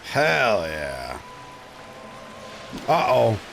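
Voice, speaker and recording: A man streaming a game speedrun, commenting live, swearing and exasperated, often yelling at enemies. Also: lowish voice, huge pitch swings, very slow, gravelly, a little hiss or hum.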